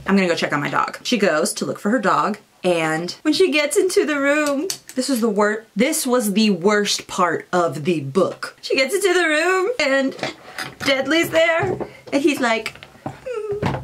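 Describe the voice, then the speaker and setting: A young woman casually summarizing a novel's plot, chatty and acting out characters in quick asides. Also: medium pitch, fairly bright tone, slight background noise. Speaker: booktuber.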